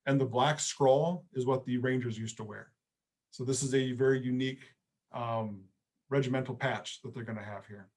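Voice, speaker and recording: A middle-aged man, a history professor, giving an online history lecture in a relaxed, storytelling way. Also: medium pitch, moderate pace. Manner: conversational storytelling with casual phrasing.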